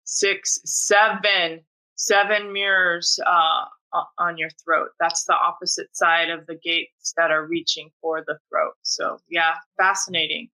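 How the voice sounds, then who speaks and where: A woman's voice: on the low side, level tone, slow pace, pushed and bright, poor audio. A woman co-hosting a casual spiritual conversation, responding with enthusiastic affirmation.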